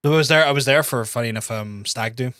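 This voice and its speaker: A man's voice: medium pitch, quick pace, no room sound. A young man with a Northern Irish accent, chatting casually and swearing a lot while streaming a game. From Northern Ireland. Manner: sweary, rambling, animated storyteller. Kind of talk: casual live-stream chat while gaming.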